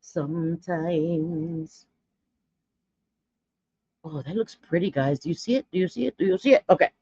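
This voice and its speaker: A woman's voice: on the low side, big pitch swings, a little slow, gravelly, mellow, breathy edge, no echo, lo-fi sound. Blunt, gossipy woman doing her makeup. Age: 40s. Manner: blunt, gossipy, dramatic asides. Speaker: makeup vlogger. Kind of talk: casual chatty makeup tutorial.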